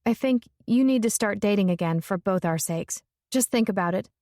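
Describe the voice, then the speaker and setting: A woman's voice: medium pitch, normal speed, warm tone, dry recording, clean studio sound, close to an everyday voice. A woman narrator voicing a blunt, fiery young woman, speaking emphatically and forthrightly.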